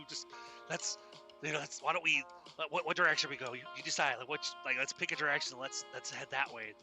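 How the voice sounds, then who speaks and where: A man voicing a young woman who keeps calming her scared friend, speaking soothingly and repeating herself. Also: a little high.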